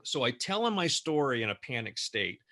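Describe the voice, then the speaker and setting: Bright-voiced man telling a story. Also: mid-range voice, moderate pace. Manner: lively storyteller who acts out quoted dialogue. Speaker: co-host. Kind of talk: telling a personal anecdote in an interview.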